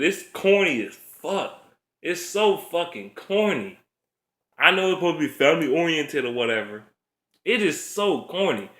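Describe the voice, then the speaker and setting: A man's voice: on the high side, pushed and bright. A man delivering a blunt, profane casual rant as a vlogger, laughing often. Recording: roomy echo.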